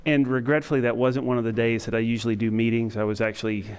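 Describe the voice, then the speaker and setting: A middle-aged man giving a training lecture to emergency medical staff, talking in a self-described monotone and pausing often with fillers. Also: mid-range voice. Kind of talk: conference lecture to EMS staff. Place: lecture room with an audience.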